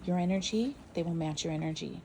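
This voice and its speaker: A woman trainer giving casual, calm and encouraging instruction on raising puppies. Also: fairly low pitch, fast talker. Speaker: puppy trainer. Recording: steady background noise.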